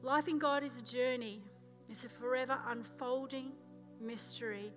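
An Australian woman pastor giving a sermon, telling a story and moving from loud urgency to hushed, intense moments. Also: high-pitched, steady tone, moderate pace, faint music behind.

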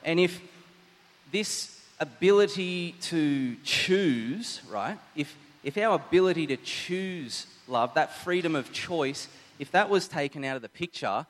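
A man's voice: on the high side, animated, slow. Man preaching in a reverberant hall. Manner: storytelling with repeated restarts. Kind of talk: sermon.

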